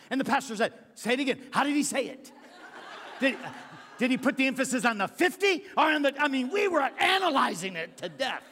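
Animated preacher man in a reverberant hall. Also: extremely high pitch, fast, husky. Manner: animated, swings from hushed to shouting; stammers for comic effect. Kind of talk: storytelling sermon.

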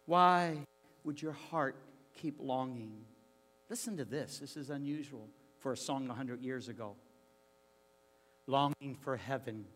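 A male preacher telling a story in his sermon, very animated, swinging from hushed tones to shouting and stammering for comic effect. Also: mid-range voice, big-room sound, slight background noise.

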